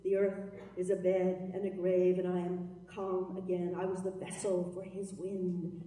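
A woman's voice: on the low side, fairly even intonation, a little slow, mellow. A woman performing incantatory spoken word in a hall. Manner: incantatory, chanting, sometimes half-sung. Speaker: performance poet. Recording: reverberant hall, from far off.

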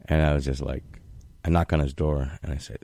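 A man's voice: rumbling low, little pitch movement, a little fast, warm tone, dry recording. A man hosting a casual chat, telling family anecdotes and acting out voices in them. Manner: storytelling, acts out voices in anecdotes.

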